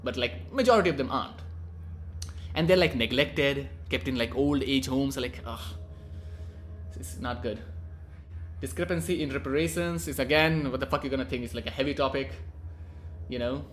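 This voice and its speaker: A man's voice: mid-range voice, normal speed, slight background noise. A young man from India rambling casually through a profane, cheeky monologue as a vlogger.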